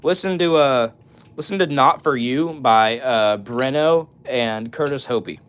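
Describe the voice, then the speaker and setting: A man's voice: mid-range voice, measured pace, fairly bright tone, a little hiss or hum. A young man hosting a casual livestream, reading chat comments aloud and breaking into short bits of songs. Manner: laid-back, answers chat and breaks into short song bits. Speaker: livestream host.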